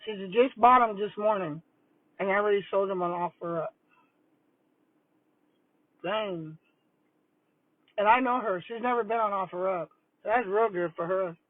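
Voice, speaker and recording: A woman's voice: mid-range voice, a little slow, pauses often, no echo. Older woman, rambling livestream chat. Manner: rambling, chatty, talks while eating. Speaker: retired school principal vlogger. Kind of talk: casual livestream chat over lunch. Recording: tinny phone-like dry audio.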